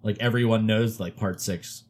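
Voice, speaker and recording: A man co-hosting a casual podcast about horror movies, talking excitedly and laughing often. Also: lowish voice, moderate pace. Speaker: podcast co-host.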